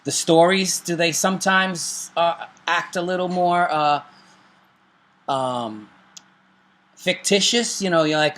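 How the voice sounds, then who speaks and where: A man's voice: high voice, slow, fairly bright tone. A middle-aged man co-hosting a casual chat and recommending TV shows, joking and making self-deprecating asides. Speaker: show co-host.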